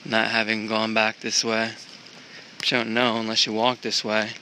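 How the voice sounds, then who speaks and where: A man's voice: lowish voice, monotone, normal speed, bright, forceful tone, a little hiss or hum. A man vlogging casually, thinking aloud as he walks through an outdoor park with a handheld camera. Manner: rambling, thinking aloud while walking. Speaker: travel vlogger. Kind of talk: casual walking vlog.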